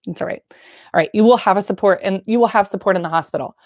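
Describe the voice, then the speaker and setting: A woman's voice: mid-range voice, fast talker, darkish tone, no echo, clean studio sound. A woman who works as a birth nurse, giving frank, slangy, encouraging advice straight to camera. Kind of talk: casual direct-to-camera advice.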